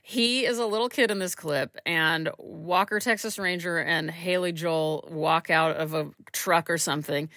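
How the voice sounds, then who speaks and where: Female podcast host, rambling and self-deprecating, slightly stuffy, bright lowish voice, dry home recording. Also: no room sound. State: stuffy from allergies. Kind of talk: casual solo podcast chat. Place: small home room.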